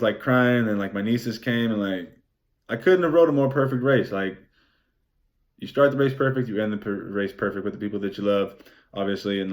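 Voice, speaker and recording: A young man recapping his race in a vlog, excited and rambling, swearing freely and saying "like" often. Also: fairly low pitch. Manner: excited, rambling, swears a lot, many "like" fillers. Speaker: vlogger.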